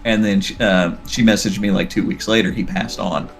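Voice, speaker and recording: Over faint background music, a man tells a long, rambling story in a casual podcast chat, acting out the dialogue as he goes. His voice is low, gravelly and steady, at normal speed.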